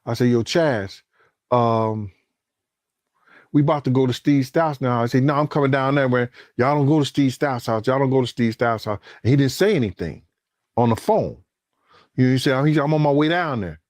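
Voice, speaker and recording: Animated, cursing storyteller man, dry sound. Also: mid-range voice, moderate pace, no echo. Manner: acts out quoted lines, cursing, rising to shouts when excited. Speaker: interviewee telling a story.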